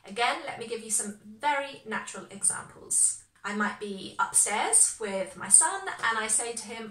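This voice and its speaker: Teacher lady, bright voice, kinda echoey room, mic a bit far off. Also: on the high side, animated. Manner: slow, clear explanations with example phrases. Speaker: English teacher. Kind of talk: online language lesson.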